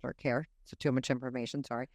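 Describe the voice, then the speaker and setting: A woman's voice: a bass voice, steady tone, fast, a little mellow, dry recording, clean studio sound. A woman, co-hosting a casual podcast and musing hesitantly with plenty of ums. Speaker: podcast co-host. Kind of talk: casual chat.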